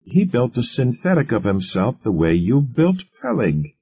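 A man's voice: medium pitch, very animated, unhurried, warm tone, breathy edge, no echo, pitched above the performer's own voice, exaggerated voice. A man voicing a skeptical woman who questions and presses insistently. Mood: doubtful. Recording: muffled lo-fi recording.

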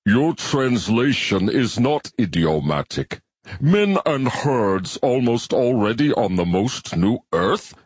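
A man voicing a large alien bivalve creature in an audiobook, speaking slowly and precisely like a lecturer. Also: medium pitch, very animated, breathy edge, no echo, voice pushed up, heavily acted. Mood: lecturing.

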